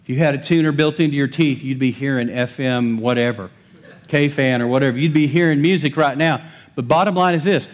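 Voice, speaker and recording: A male pastor preaching a lively sermon, joking with the congregation and building emphasis. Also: mid-range voice, fairly quick. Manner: animated, humorous preaching with rising emphasis.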